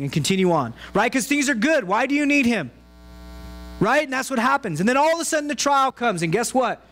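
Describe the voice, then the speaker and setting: High-voiced preaching man. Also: animated, fast, fairly bright tone, rough recording. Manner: conversational preaching, acts out quoted prayers. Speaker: pastor. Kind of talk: sermon. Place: church sanctuary.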